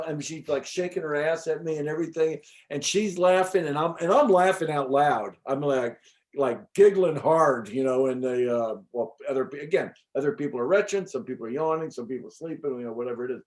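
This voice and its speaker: A middle-aged man, an interview guest, telling a personal story in a casual, animated way with many fillers and the odd swear word. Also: fairly high pitch, fairly quick. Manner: animated, chatty, frequent fillers and restarts. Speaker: interview guest recounting an experience.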